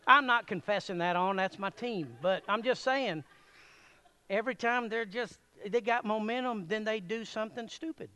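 A man preaching a sermon in a church, folksy and animated, chuckling often as he addresses the congregation. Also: sits high, normal speed, smooth. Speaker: pastor.

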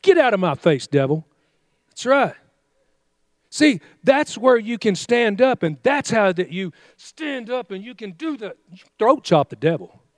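Man, pastor, fiery exhorting sermon, high-pitched, dry close sound. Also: animated, unhurried, dry recording. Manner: fiery, exhorting, with call-and-response commands.

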